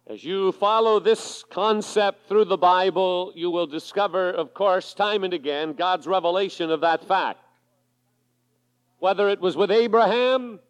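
A man preaching a sermon to his congregation, reading scripture aloud in a measured way. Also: high-pitched. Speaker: pastor. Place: large church sanctuary. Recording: 1980s sermon recording with long hall reverb.

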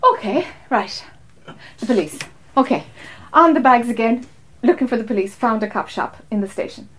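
A woman, a spiritual teacher, telling a story to a group in a lively way and acting out her own lines. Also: on the high side, moderate pace, long pauses. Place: meeting room.

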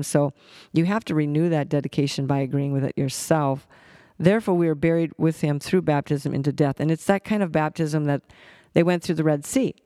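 A man teaching a Bible passage in a relaxed, halting way, often stopping to restart and reach for the next word. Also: on the high side, dry recording, studio quality. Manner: halting, with many restarts and fillers.

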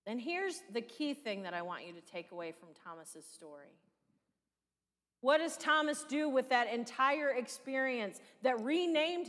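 A woman's voice: high-pitched, expressive, a little slow, fairly bright tone. A woman pastor with a Midwestern American accent, preaching a sermon in a conversational style full of rhetorical questions. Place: church sanctuary. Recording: long church reverb.

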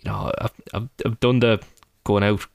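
A man's voice: on the low side, steady tone, normal speed, creaky, no echo. Chatty Irish man, dry close sound. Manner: rambling, chatty, frequent fillers. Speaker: podcast co-host. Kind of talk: casual podcast chat.

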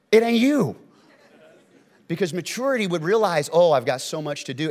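A man preaching a sermon as pastor, telling stories with lively swings between loud and hushed delivery. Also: on the high side. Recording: long reverb of a church hall.

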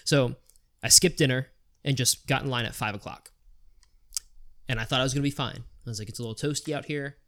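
Podcast host, male, casual storyteller, lively quoting of others. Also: mid-range voice, brisk, long pauses. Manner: animated retelling with quoted voices, swearing.

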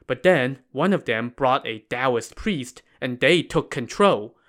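A man voicing starving, frightened old monks who plead in a soft, tired way. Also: medium pitch, animated, takes it slowly. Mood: weary. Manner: pleading, weary.

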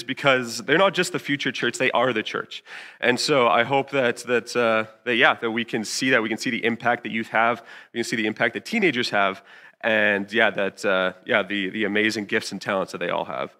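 A young man in his twenties preaches a relaxed church sermon, chatty and candid. His voice is bright and sits at a mid pitch. He fills gaps with fillers and acts out his own past lines with sudden jumps in pitch. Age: 20s. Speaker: youth pastor. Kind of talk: casual sermon with stories.

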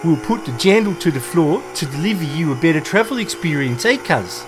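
Brash Kiwi taxi ad guy, put on by a man, salesy, pitched a touch high. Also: lively intonation, fairly quick, over music, close to an everyday voice. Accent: put-on New Zealand. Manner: brash, salesy, keeps saying bro. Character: pushy male Kiwi taxi company announcer.

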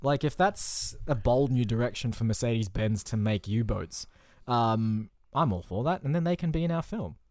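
A man's voice: medium pitch, lively intonation, moderate pace, few pauses, a little mellow, no room sound, studio quality. A man in casual improvised comedy chat, rambling and playful, laughing often as he builds silly ideas.

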